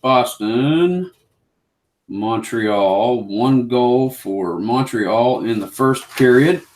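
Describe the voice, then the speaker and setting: A man running a solo tabletop hockey game, calling each play like a sportscaster in a relaxed, self-mocking way. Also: medium pitch, drawn-out words. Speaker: board game player and host.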